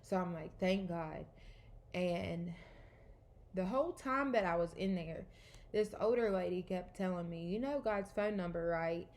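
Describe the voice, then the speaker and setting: Woman, kinda low voice, rambling through her own story, lots of ums. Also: measured pace, a little mellow. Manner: rambling, conversational, with many fillers and restarts. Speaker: storyteller sharing a personal testimony. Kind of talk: casual spoken testimony.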